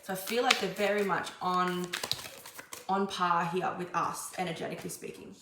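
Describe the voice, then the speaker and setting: A woman's voice: on the low side, fairly even intonation, normal speed. A young woman giving a casual tarot reading, chatty and rambling with many fillers and restarts. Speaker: tarot reader. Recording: echoey room, faint background noise.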